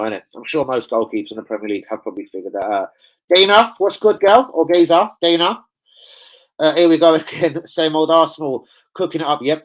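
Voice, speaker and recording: A man's voice: mid-range voice, fairly bright tone, low-quality recording. Man, live-stream host, casual rant, heavy swearing, slangy banter.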